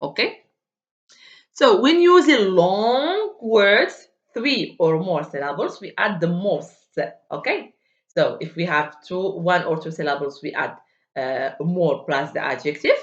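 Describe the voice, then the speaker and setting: Lively woman teaching English grammar. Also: fairly low pitch, slow pace. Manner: hesitant, many fillers, lively drilling of word forms. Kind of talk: online grammar lesson. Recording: dull, echoey room.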